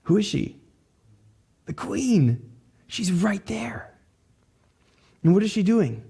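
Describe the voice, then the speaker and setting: A man's voice: sits high, animated, measured pace, vocal fry, pauses often, dark tone, slightly rough. A man pastor preaching a sermon in a loose, conversational way, dropping casual fillers.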